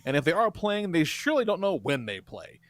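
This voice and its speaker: A man in his forties, a podcast co-host telling animated, profanity-laced stories in casual chat. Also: a little high, fairly quick, dry recording.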